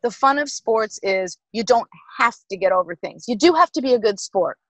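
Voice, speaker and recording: A middle-aged woman, a former team executive, telling stories in an emphatic, lively interview manner. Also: on the high side, normal speed, no room sound, rough recording. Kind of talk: animated interview storytelling.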